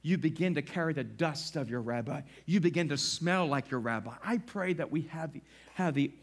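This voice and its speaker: A middle-aged man pastor preaching a sermon in a church, animated and acting out little voices as he talks. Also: on the high side, normal speed. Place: church sanctuary.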